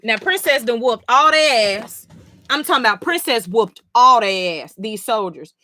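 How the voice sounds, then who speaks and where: A woman hosting a live comic-reading stream, reacting in an animated, profane, exclaiming way. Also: a little high, a little slow, dry recording. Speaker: comic-reading livestream host.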